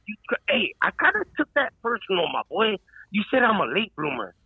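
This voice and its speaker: A man's voice: high voice, sing-song, brisk, vocal fry, breathy edge, phone-quality sound. A male caller in a heated argument, talking defensively and repeating "dog" and "my boy.".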